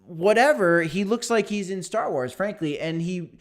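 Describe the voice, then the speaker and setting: A man hosting a casual livestream, talking in an animated, emphatic way that repeats phrases. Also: sits high, normal speed. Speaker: livestream host.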